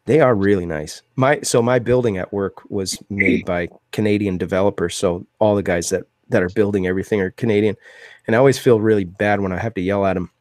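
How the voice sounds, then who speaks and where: A man's voice: on the low side, fairly quick, a little mellow, dry recording, clean studio sound. Enthusiastic man hosting a live stream. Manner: enthusiastic, thanks donors, many fillers. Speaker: host. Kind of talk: live-stream talk show chat.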